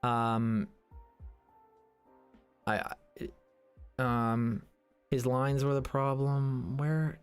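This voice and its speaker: A man's voice: medium pitch, flat delivery, very slow, long pauses, smooth, faint music behind. A man streaming, chatting casually with his viewers and answering their comments, rambling and restarting his sentences. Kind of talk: casual livestream chat.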